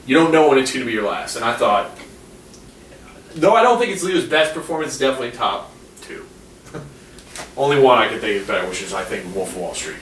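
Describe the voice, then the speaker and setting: A man's voice: mid-range voice, expressive, fairly quick, long pauses, a bit bright. A man co-hosting a casual podcast chat, blunt and rambling, with heavy swearing. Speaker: podcast co-host. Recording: echoey room, distant mic, faint noise.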